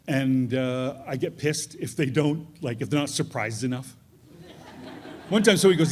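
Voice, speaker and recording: Man, fairly high voice, self-mocking storyteller, live stage, faint room noise. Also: brisk, darkish tone. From northern New York. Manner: self-deprecating, chatty, laughs at own jokes.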